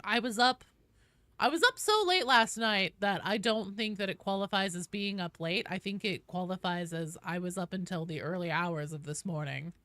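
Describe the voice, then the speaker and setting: A woman's voice: medium pitch, moderate pace, pushed and bright, no room sound. A young woman with a West Coast American accent chatting casually and rambling while streaming a game, swearing now and then. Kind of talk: casual gaming livestream chat.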